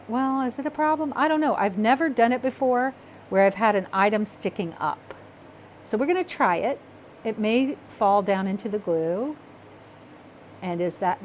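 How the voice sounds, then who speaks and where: A woman teaching a hands-on art project in a loose, chatty way, talking to herself and apologizing as she gets excited. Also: a little high, a little hiss or hum. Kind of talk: casual craft tutorial.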